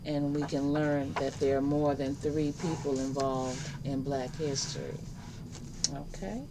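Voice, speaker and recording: A woman's voice: low voice, fairly even intonation, measured pace, noisy background. A woman teaching a casual online life skills class, chatty and emphatic, acting out little exchanges. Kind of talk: casual spoken lesson to camera.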